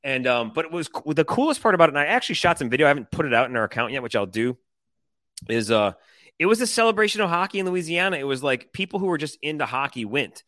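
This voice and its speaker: A man from Detroit, podcast co-host, telling an excited, rambling story in casual chat with lots of fillers. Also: a little high, fast talker, dry recording.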